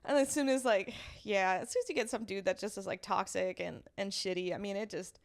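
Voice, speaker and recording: A young adult woman co-hosting a podcast in casual chat, swearing freely and laughing often between quick bursts of talk. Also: medium pitch. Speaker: podcast co-host.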